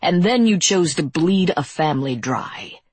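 A woman voicing a calm, smiling male crime boss who speaks with cool control in a storybook reading. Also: low voice, measured pace, breathy edge, dry recording, exaggerated voice. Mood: cold rebuke.

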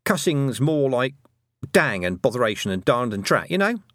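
A man voicing a skeptical adult witch woman in an audiobook, measured and slightly dismissive. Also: medium pitch, very animated, fairly bright tone, no echo. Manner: measured, dry, a bit dismissive. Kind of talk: audiobook character voice.

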